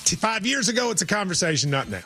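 High bright dude arguing football picks, casual, faint music in back. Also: male voice, sing-song, fast. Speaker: sports talk co-host. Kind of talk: casual sports debate.

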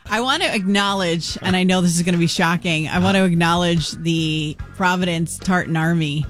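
Man, radio morning host, slightly high voice, casual enthusiastic chat, studio mic, faint music underneath. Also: moderate pace, fairly bright tone. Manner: chatty, enthusiastic, restarts phrases.

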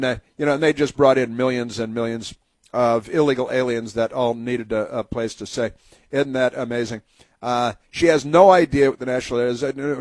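A man's voice: medium pitch, dry recording. A man hosting a radio talk show, delivering a sarcastic, rambling opinion monologue with many fillers.

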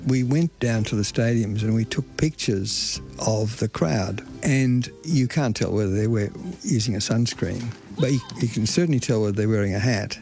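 A man's voice: on the low side, normal speed, darkish tone, soft background music. An older man telling the story of a public health campaign in a chatty way, laughing now and then. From Australia. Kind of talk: recalled storytelling in a radio documentary.

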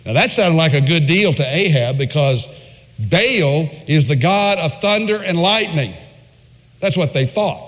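A male preacher delivering a sermon, retelling a story with emphatic phrasing and dramatic pauses. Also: on the high side, animated. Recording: long hall reverb.

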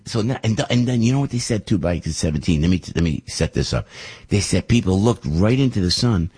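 An older radio host telling a rambling personal story in a chatty, animated way. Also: male voice, sits low, a little fast, slightly rough, no room sound. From Italian-American. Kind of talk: casual storytelling monologue.

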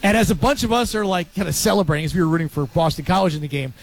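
A man in his fifties from Pennsylvania, a sports radio host telling stories in casual talk with animated, quick asides. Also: high voice, vocal fry.

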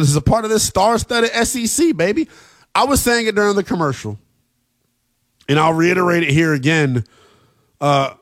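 A man hosting a late-night college football radio show, talking in an animated, emphatic way with plenty of slang. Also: on the high side. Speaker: sports radio host.

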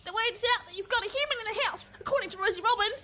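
A woman's voice: very high-pitched, rapid-fire, background noise, pitched above the performer's own voice. A woman voicing a gossipy female lyrebird with an ominous warning tone, reading a storybook.

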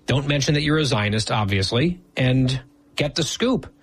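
Male co-host, husky tone, dry sarcastic banter, close and dead-sounding room. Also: medium pitch, expressive, normal speed, no room sound. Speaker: podcast co-host. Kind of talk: casual banter.

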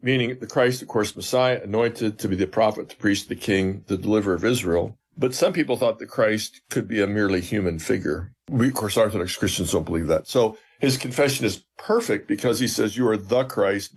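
Man, middle-aged, professor, interview guest, husky, low-pitched, earnest explainer. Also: brisk, hardly any pauses. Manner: earnest, acts out quoted dialogue with emphasis. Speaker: professor of biblical theology, guest.

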